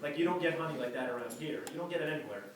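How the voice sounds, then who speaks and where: Brief: male storyteller, animated and comic, slightly high voice, heard from afar in a very echoey room with a laughing crowd. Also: very fast. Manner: animated, acts out the voices of others. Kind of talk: comic anecdote told to a live audience. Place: room with a live audience. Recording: very echoey, from far off, audience laughter.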